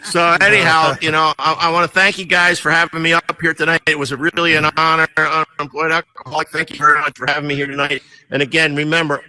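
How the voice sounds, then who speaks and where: A man's voice: fairly high pitch, quick pace, few pauses, poor audio. A man with an American accent doing stand-up comedy as a veteran, telling folksy military jokes in a virtual reality comedy club. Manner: folksy joke-telling, lively ups and downs.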